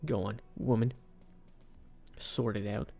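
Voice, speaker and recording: A man's voice: lowish voice, fairly even intonation, gravelly, warm tone, soft background music. A man doing a dismissive rich husband. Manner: dismissive, brisk, talking down. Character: condescending wealthy middle-aged husband lecturing.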